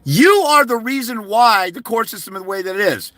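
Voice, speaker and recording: A man's voice: high-pitched, animated, brisk, bright, forceful tone, no room sound. A man ranting angrily to camera, hurling insults at his critics in a preachy, combative way. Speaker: YouTuber giving fathers' rights advice. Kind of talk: angry vlog rant.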